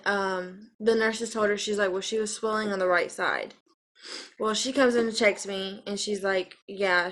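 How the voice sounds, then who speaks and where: A woman's voice: mid-range voice, a bit bright. A young woman in her twenties from Arizona tells her own story to the camera in a rambling, emotional way, with many fillers and restarts. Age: 20s. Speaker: vlogger telling her birth story.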